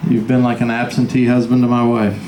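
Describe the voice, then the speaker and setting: A man's voice: mid-range voice, little pitch movement, a little fast. A man who organized a birthday party, speaking to his friend and thanking the helpers, with some joking. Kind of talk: heartfelt party speech. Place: party venue. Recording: echoey room with faint noise.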